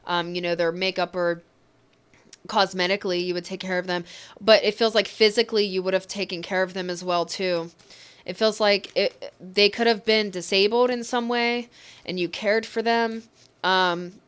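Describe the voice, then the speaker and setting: A woman giving an emotional, reassuring tarot reading, speaking gently and getting choked up at times. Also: medium pitch, clean tone. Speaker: tarot reader.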